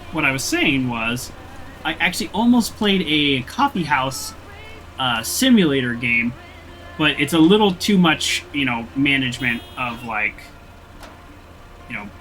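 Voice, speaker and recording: Bright, lively young man streaming a game. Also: mid-range voice, unhurried, faint music behind, poor audio. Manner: chatty, mock-indignant, laughs at himself. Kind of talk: casual gameplay commentary.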